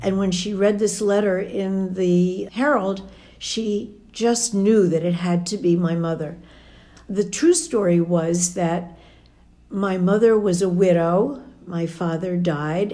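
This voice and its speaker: A woman's voice: on the low side, steady tone, takes it slowly, warm tone. An older woman telling a personal family story in a conversational way. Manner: conversational, quotes dialogue as she tells it. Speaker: storyteller recounting a family memory.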